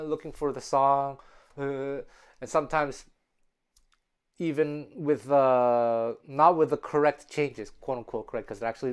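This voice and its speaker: A man's voice: medium pitch, clean tone. A man giving a spoken music lesson, explaining earnestly in a conversational way with frequent restarts. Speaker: music teacher.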